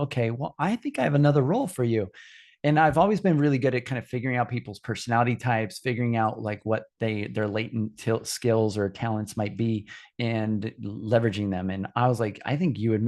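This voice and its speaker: A man's voice: lowish voice, a little mellow. A man hosting a live webinar, telling a rambling story with lots of restarts and asides, speaking over a video call. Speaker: host.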